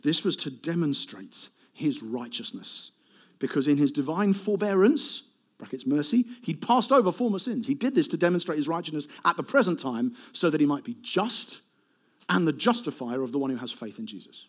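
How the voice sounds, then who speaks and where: A man preaching a sermon to a live congregation, animated and conversational, with asides to the crowd. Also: fairly high pitch, moderate pace. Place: warm hall with a live congregation.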